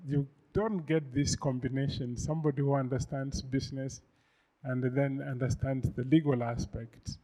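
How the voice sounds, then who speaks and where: Male forum host, slow and deliberate, dark mellow voice, frequent hesitations. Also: mid-range voice, poor audio. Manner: measured, hesitant with many ums and uhs. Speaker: forum host introducing the speaker. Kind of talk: slow, deliberate opening remarks. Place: conference room with a live audience.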